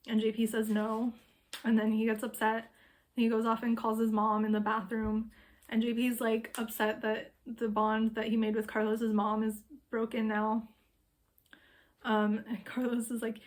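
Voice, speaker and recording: A woman with a fairly high voice retells a memoir in easy, casual chat. She speaks in a level, even tone and fills her sentences with "um" and "like." Her delivery is relaxed and conversational, like an astrologer talking through a book. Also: unhurried. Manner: loose, filler-heavy talk with frequent "um" and "like".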